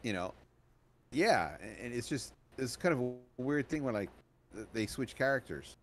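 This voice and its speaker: In loose, casual podcast chat, a co-host gives his take on a film, rambling with frequent restarts and lots of ums and likes. His ordinary mid-range voice has lively intonation and normal speed, with slight background noise.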